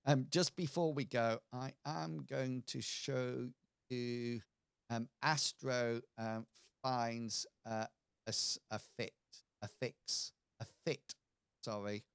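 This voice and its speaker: A male game master narrating a tabletop role-playing game slowly, stopping often for fillers and restarts. His voice is smooth and resonant. The sound is dry and close. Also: mid-range voice, fairly even intonation, dry recording. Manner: hesitant, many fillers and restarts.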